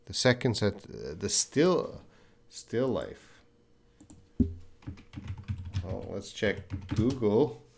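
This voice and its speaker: A man's voice: lowish voice, sing-song, extremely slow, gravelly, pauses often, a little mellow, a little hiss or hum. A man from Canada, teaching live and answering viewers by name, patient and full of fillers and restarts. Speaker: English teacher. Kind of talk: live-streamed English lesson reading viewer chat. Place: indoor room at a desk with a board.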